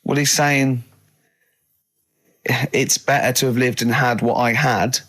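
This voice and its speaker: A man's voice: medium pitch, fairly even intonation, a little slow, fairly bright tone. Chatty man hosting a radio show. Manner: chatty storyteller, breaks into laughter. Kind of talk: casual studio banter. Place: radio studio.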